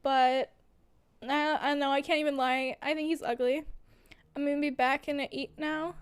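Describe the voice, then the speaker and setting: Here a young woman livestreams in a high voice with little pitch movement, speaking at a normal speed. The chat is casual and gushing, heavy on fillers, and she often laughs mid-sentence.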